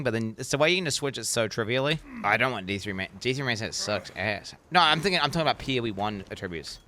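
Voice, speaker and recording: A young man streaming a game, chatting casually with lots of swearing and sudden excited yells. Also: mid-range voice. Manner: profane, rambling, bursts into excited yells. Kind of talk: casual live-stream gaming chat.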